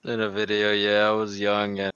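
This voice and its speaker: A man from Mexico in a casual podcast chat, halting and filler-heavy. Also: lowish voice, completely flat delivery, fairly bright tone, clean tone, no echo, muffled recording. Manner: mumbling, halting, says "like" and "dude" a lot.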